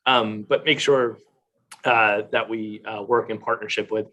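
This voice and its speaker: A man testifying as a government official at a hearing over a video call, answering questions in a halting way with frequent fillers. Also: lowish voice, fairly even intonation, bright, forceful tone, dull audio.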